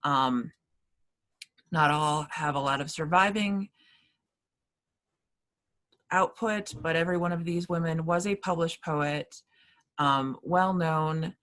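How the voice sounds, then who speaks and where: A woman with a low voice teaching a relaxed class on poetry. She talks in a loose, rambling way, full of fillers and restarts. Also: slow pace, long pauses. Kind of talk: casual lecture.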